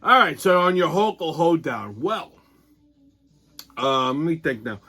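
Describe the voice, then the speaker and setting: A man's voice: on the high side, big pitch swings, measured pace, sharp tone. A man hosting a weekly show, delivering a profane, sarcastic comedic news rant. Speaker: host.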